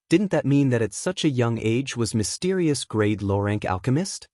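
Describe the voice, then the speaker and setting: A man narrating a fantasy audiobook in an even, steady reading. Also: mid-range voice, moderate pace, no echo, studio quality. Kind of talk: scripted narration.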